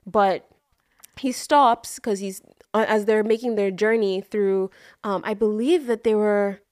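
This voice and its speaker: Woman, podcast co-host, animated storyteller, dry close sound. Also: mid-range voice, measured pace, dry recording. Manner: animated storytelling, acts out voices in quotes. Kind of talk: casual chat.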